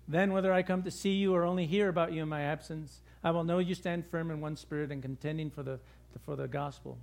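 A middle-aged man with a high voice preaches a sermon. He tells stories in a lively, conversational way from the pulpit. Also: a little fast, vocal fry, few pauses. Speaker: pastor.

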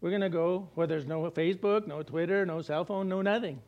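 Lively high-voiced male preacher. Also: a little fast, highs cut off. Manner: animated, jokey asides with acted-out quotes. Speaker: pastor. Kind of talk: sermon.

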